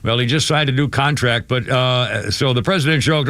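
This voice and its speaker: A man's voice: mid-range voice, normal speed, creaky, fairly bright tone, no room sound. Older man hosting talk radio: rambling, filler-heavy, dry close studio mic. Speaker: radio show host. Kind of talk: casual talk radio chat. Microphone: studio microphone.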